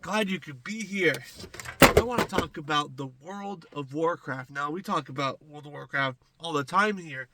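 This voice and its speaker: A man's voice: fairly high pitch, bright, forceful tone. A man with a congested, stuffy voice, chatting casually as a gaming commentator and rambling to his viewers from a small closet. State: congested from a cold.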